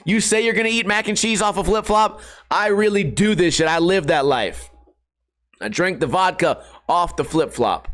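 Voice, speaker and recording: Brief: profane rambling vlogger man, higher voice. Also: normal speed, fairly bright tone. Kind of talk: casual rambling monologue to camera. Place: hot house.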